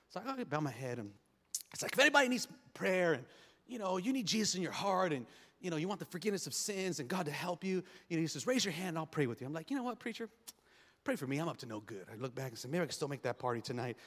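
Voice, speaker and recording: A man pastor preaching a sermon, telling stories with big swings from quiet asides to loud bursts. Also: high voice, long reverb tail. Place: church.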